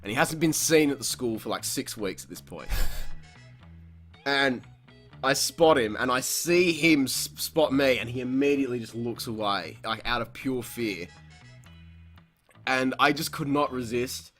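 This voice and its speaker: A man's voice: medium pitch, a little slow, faint music behind. Swearing young man telling a story. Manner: profane, laughs often, acts out quotes loudly. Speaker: podcast host. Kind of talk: casual storytelling chat.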